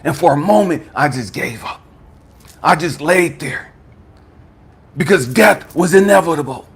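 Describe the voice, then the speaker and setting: Husky, animated man giving testimony. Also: fairly high pitch, measured pace. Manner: dramatic, swings from hushed to shouting. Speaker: spiritual coach. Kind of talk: impassioned testimony.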